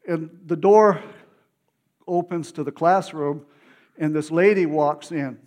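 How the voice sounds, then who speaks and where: A man's voice: on the high side, unhurried. Emotional preacher man telling a testimony. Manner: emotional, animated storytelling with restarts. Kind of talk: sermon testimony storytelling.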